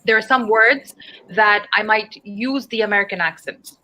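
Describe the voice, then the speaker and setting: A woman's voice: mid-range voice, moderate pace, sharp tone, poor audio. A woman from Dubai teaching an online English speaking class, patiently explaining and quizzing her students. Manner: patient, encouraging, spells out words and asks students questions. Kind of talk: online group speaking lesson.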